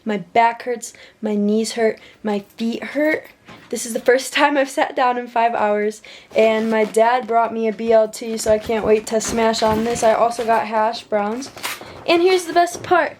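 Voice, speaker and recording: A tired young woman chatting casually in a vlog, emotional and quick to laugh. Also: fairly high pitch, flat delivery, a little mellow, slight background noise. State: tired from no sleep. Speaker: vlogger.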